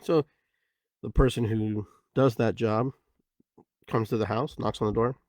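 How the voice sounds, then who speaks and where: A man's voice: fairly low pitch, a little mellow, no room sound. A middle-aged man hosting a podcast, telling a parable in a loose, rambling way with many fillers. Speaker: podcast host. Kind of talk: casual reflective storytelling.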